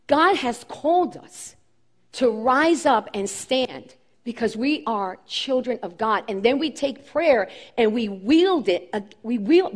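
Impassioned woman preaching a sermon. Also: a little high. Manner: impassioned, rising and falling emphasis, repeats phrases.

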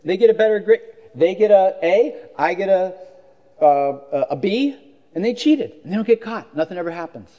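High-voiced man preaching conversationally. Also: lively intonation, moderate pace, warm tone, highs cut off. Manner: conversational preaching with rhetorical questions and restarts. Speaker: pastor. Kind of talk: sermon.

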